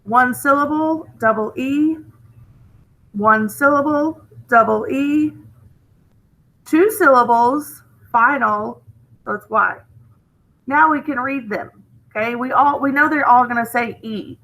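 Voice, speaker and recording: A woman teacher walks through a phonics lesson at an unhurried pace. Her voice sits high and sounds bright and clear, and she keeps checking in with students in a chatty, encouraging manner. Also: rough recording.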